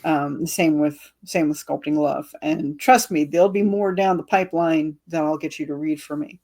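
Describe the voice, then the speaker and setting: A woman's voice: deep voice, steady tone, moderate pace, dark tone. A woman author as a guest, telling stories animatedly, acting out quotes and laughing often. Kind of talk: casual interview chat.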